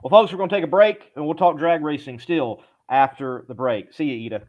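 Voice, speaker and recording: A man's voice: on the high side, fairly quick, lo-fi sound. A man from southern Louisiana hosting a live talk show, friendly and joking, often repeating his words. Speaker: host. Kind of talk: casual live show chat.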